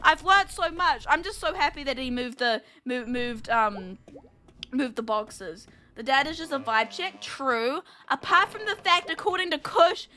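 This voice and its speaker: Kiwi girl streaming a game, high bright voice, teasing chat and giggling a lot. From New Zealand. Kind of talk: casual let's-play chat.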